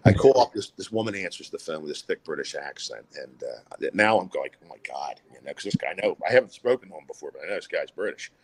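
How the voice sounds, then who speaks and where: A man's voice: extremely low pitch, lively intonation, quick pace, hardly any pauses, breathy edge. A middle-aged man, a filmmaker guest, telling a long story in a casual interview, rambling with many fillers and restarts.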